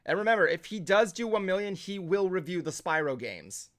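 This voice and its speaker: A man hosting a casual nerdy talk show, excitable and swearing freely, with lots of filler words. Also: sits high, brisk. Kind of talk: casual podcast chat.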